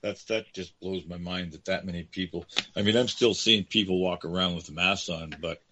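A man's voice: low voice, steady tone, moderate pace, pushed and bright, slight background noise. A man hosting a talk radio interview, emphatic and indignant, often addressing his guest directly. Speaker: radio host.

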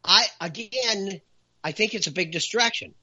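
A man's voice: high-pitched, normal speed, pushed and bright, highs cut off. A man giving emphatic talk-show commentary as a guest, raising his voice to stress his points and counting them off in punchy lists. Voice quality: raises voice for emphasis.

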